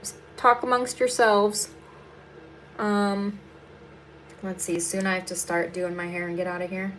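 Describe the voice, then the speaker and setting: A woman's voice: mid-range voice, flat delivery, measured pace, a bit bright, a little hiss or hum. A young adult woman comedian hosting a casual livestream, answering viewers bluntly and sarcastically, with plenty of swearing, while she does her makeup.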